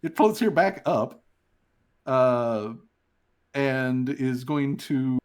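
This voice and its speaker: Male game master, relaxed narration, slow pace, mid pitch. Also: clear, resonant tone. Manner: laid-back, many fillers and restarts.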